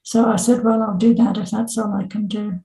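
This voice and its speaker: A woman's voice: mid-range voice, fairly quick, creaky, reverberant, low-quality recording. A woman in her seventies from Scotland, a podcast guest telling a personal story and acting out what her family said. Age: 70s. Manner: animated, acts out family members' lines in raised voices.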